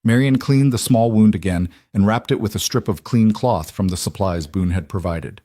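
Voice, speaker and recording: A man reading a romance story aloud as scripted narration, steady and even. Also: on the low side, normal speed, no echo, studio quality. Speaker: audiobook narrator.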